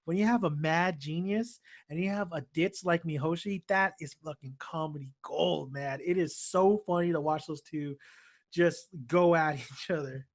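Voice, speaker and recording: A man hosting a podcast, retelling cartoon scenes in a rambling, excitable way with casual swearing. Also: fairly high pitch. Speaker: podcast host. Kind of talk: casual chat.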